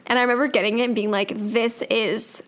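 A woman's voice: a little high, fairly even intonation, a little fast, a bit bright. A young woman in her twenties co-hosting a podcast, playful and teasing in casual chat. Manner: playful, teasing, calls her friend "bud". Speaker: podcast co-host.

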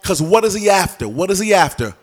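Animated preacher man, sing-song cadence. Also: high-pitched, fairly quick. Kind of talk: sermon.

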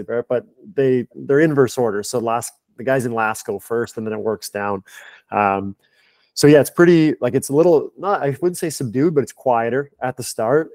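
A man's voice: medium pitch, darkish tone, dry recording. A man on a podcast as a guest, a performance director, telling a long casual story full of "like". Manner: chatty, lots of filler "like".

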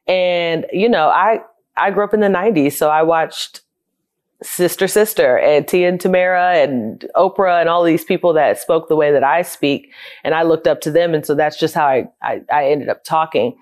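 In an interview, a childcare business owner in her thirties from South Florida talks through her life story with candor and reflection. She speaks conversationally at a moderate pace, her voice deep with a darkish tone.

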